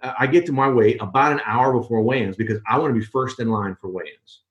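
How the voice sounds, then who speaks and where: A man's voice: medium pitch, fast talker, a bit bright, dull audio. A man in a casual interview, telling a story conversationally and checking in with "right?" and "you know". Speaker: podcast guest.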